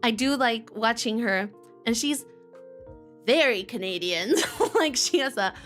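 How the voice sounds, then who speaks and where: A woman live-streamer with a high, bright voice chats loosely with her viewers. She rambles, laughs often and greets people in chat by name. Faint music plays behind her. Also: expressive, measured pace. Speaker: streamer and voice actor.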